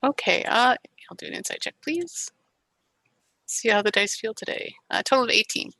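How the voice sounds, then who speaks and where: A woman's voice: on the high side, expressive, moderate pace, bright, forceful tone, no room sound. A woman playing a tabletop game, polite, curious and chatty. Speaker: player.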